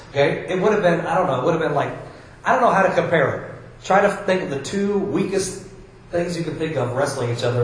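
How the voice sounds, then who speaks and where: A fairly high-voiced male preacher from Iowa delivers a sermon. He tells stories casually, with plenty of restarts, and reads scripture passages aloud. His voice rings through a strongly echoing hall. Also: slight background noise. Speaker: pastor. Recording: very echoey hall.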